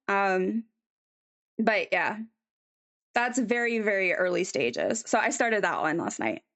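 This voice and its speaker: A woman's voice: medium pitch, fairly bright tone. A woman chatting casually on a live stream as she draws, rambling with many ums and answering chat.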